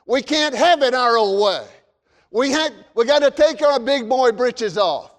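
A male pastor preaches a sermon in a church, his voice unusually high for a man. He pushes some phrases hard and lets others sink low and quiet. Long reverb from the sanctuary trails after his words. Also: animated, measured pace. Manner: emphatic preaching, rising and dropping in volume.

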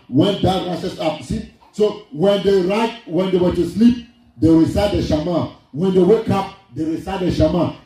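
A man with a high, mellow voice preaches a sermon, repeating his lines for emphasis in a sing-song cadence. The recording is distant, in a very echoey hall with faint music.

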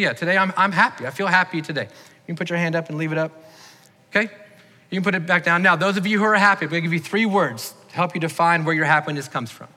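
A male pastor speaks to his congregation in a clear, bright voice and keeps asking who will raise a hand. His tone is earnest and direct. The sound rings out with the long reverb of a large church hall. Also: on the high side. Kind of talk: sermon. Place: church sanctuary.

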